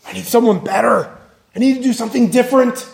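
High-voiced preacher in an echoey room. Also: male voice, fast, gravelly. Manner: earnest, builds emphasis with repetition and rhetorical questions. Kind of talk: sermon.

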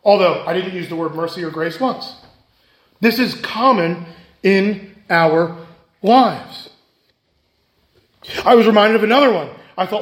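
In an echoey church hall, a pastor with a high, light voice preaches at a measured pace, pausing often. He repeats key phrases for emphasis and alternates between loud, urgent lines and hushed ones.

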